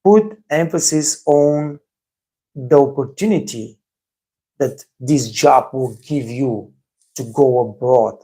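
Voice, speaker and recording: A man's voice: mid-range voice, slow, mellow. A man from Bulgaria with a Bulgarian accent, giving blunt casual advice on a live stream, repeating himself often with many fillers. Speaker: host of a live stream for waiters.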